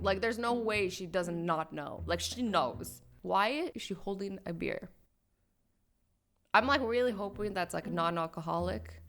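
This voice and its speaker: A woman's voice: medium pitch, a bit bright. A woman hosting a reaction video, commenting on clips with incredulous, scolding rhetorical questions. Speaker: YouTube reaction host.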